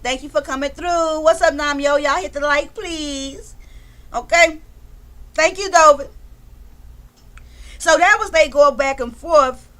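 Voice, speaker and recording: Chatty high-voiced woman streamer. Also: a little slow, pauses often. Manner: chatty, shouts out chat members, swears freely. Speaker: livestream commentary host. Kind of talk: casual livestream commentary.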